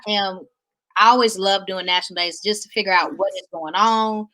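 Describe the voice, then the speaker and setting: A woman's voice: medium pitch, fairly even intonation, brisk, pushed and bright, slight background noise, low-quality recording. A woman with a Southern US accent hosting a talk show in a chatty, playful way. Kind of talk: casual chat.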